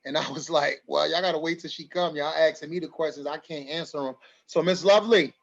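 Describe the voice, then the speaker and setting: A man's voice: a little high, fairly quick, vocal fry, highs cut off. A man hosting a community forum over a video call, emotional and rallying, repeating his phrases for emphasis. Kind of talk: livestreamed community meeting.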